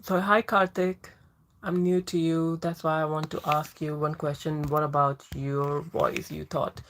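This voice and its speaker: Low-voiced woman hosting a casual Q&A. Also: little pitch movement, unhurried, slight background noise. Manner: thoughtful, searching for words, frequent restarts. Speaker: livestream host answering viewer questions. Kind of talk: casual livestream Q&A.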